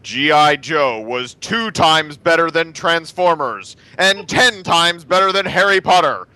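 A man's voice: a little high, lively intonation, a little slow, sharp tone, clear, resonant tone, no echo. A man reading a movie review aloud for laughs as a podcast co-host, wry and a little hesitant.

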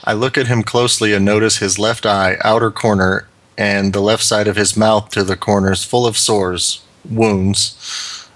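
A man's voice: on the low side, level tone, unhurried, fairly bright tone. A man co-hosting a comedy podcast, reading out a long listener letter with wry asides.

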